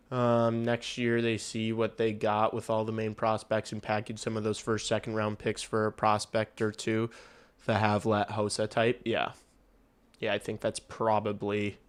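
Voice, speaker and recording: A man's voice: medium pitch, pushed and bright. A man hosting a casual hockey livestream, rambling and swearing offhandedly. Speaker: livestream host. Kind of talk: casual livestream sports commentary.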